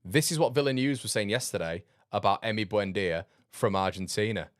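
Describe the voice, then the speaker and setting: Male football streamer, low voice, dry close sound, blunt and sarcastic. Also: fairly quick, no echo. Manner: blunt, sarcastic, laughs often. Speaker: football fan channel host. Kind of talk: casual livestream chat reading comments.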